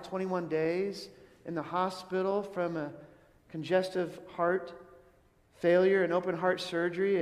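A man's voice: high-pitched, big-room sound. A man preaching a sermon in an earnest, questioning way, often asking his listeners something. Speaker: pastor.

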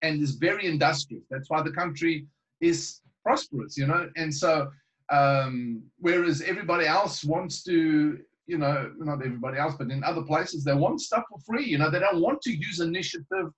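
A man's voice: fairly high pitch, normal speed, fairly bright tone, rough recording. Rambling, chuckling man. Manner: chuckling, rambling with many restarts. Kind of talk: casual storytelling chat.

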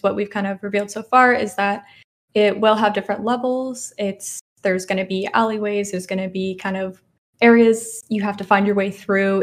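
A woman speaking from home as a game developer guest in an interview, upbeat and enthusiastic. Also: medium pitch. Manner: upbeat, enthusiastic, many yeahs. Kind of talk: casual interview answers.

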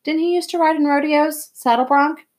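A woman reading aloud, voicing a sharp-tongued teenage girl with a cool, biting way of speaking. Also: high voice, steady tone, normal speed, pitched above the performer's own voice, natural voice. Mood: brisk.

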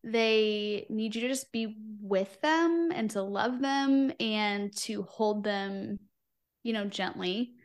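A woman's voice: mid-range voice, slow. A woman guest on a podcast, speaking passionately and tenderly, with frequent fillers and restarts. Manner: passionate, warm-hearted, filler-heavy. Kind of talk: heartfelt conversational interview.

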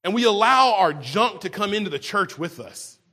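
A male pastor delivers a sermon in a fairly high, husky voice. He talks in a loose, conversational way, circling back and repeating words as he works through his thoughts. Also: animated, normal speed, pushed and bright. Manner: conversational preaching, frequent restarts and repeated words.

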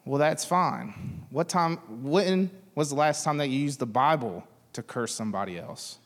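A man's voice: fairly high pitch, normal speed, in a large hall. A man in his thirties preaching a sermon, talking casually and joking with the congregation. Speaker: pastor.

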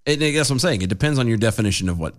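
A man's voice: mid-range voice, expressive, rapid-fire. A man co-hosting a casual talk show, reading out news items and making sarcastic jokes about them. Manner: sarcastic, joking, reads news quotes aloud. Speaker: podcast co-host.

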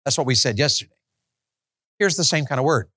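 A preacher delivering a sermon, his voice swinging from conversational asides to high, fervent pleading. He is a man of middle pitch, recorded close and dry despite the auditorium. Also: animated, a little fast, pushed and bright, no room sound. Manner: builds to impassioned pleading, acts out fervent prayers.

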